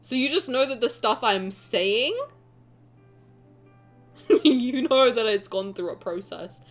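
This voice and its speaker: A woman streamer chatting casually with her viewers, animated, joking and making fun of herself. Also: fairly high pitch, slow, faint music behind. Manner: animated, joking and self-mocking.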